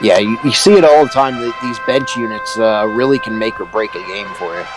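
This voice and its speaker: A man's voice: on the low side, a little fast, over music, low-quality recording. Easygoing guy doing color commentary for a hoops stream, lots of uhs. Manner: relaxed, many "uh" fillers.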